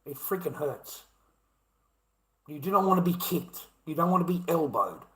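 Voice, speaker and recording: A man's voice: on the high side, expressive, normal speed, sharp tone, reverberant, poor audio. A man telling a rambling personal story, full of slang and calling the listener mate and bro. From Australia.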